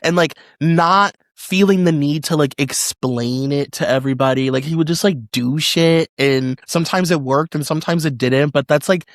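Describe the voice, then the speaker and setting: Podcast cohost chatting, says like a lot, gets excited, dry sound. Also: mid-range voice, moderate pace, few pauses, dry recording. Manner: enthusiastic, lots of "like", swears casually. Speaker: podcast co-host. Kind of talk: casual chat.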